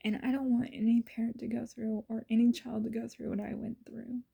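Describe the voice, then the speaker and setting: A woman's voice: fairly high pitch, level tone, brisk, vocal fry, mellow, breathy edge. A woman vlogger telling personal stories in an earnest, emotional way, often dropping to a whisper. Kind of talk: casual personal storytelling.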